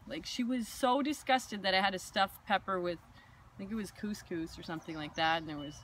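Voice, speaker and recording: A woman hosts a casual conversation, telling stories in an animated way and acting out the lines of the people in them. Her pitch sits in the middle range for a woman, and a faint noise runs under the recording. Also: brisk. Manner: animated storytelling with acted-out quotes. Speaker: host. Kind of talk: casual chat.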